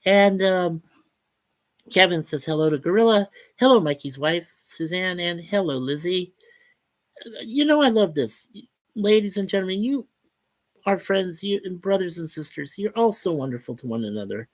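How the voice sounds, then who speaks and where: A man's voice: high-pitched, lively intonation, moderate pace, dry recording. A man hosting a casual livestream, chatting upbeat and reading out viewers' chat messages. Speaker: livestream host.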